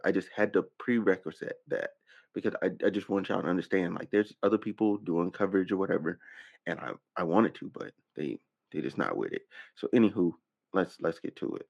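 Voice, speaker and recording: A man's voice: low voice, expressive, fairly quick, creaky, a little mellow, lo-fi sound. A man hosting a casual commentary stream, rambling, cursing, and often repeating himself. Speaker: reaction channel host.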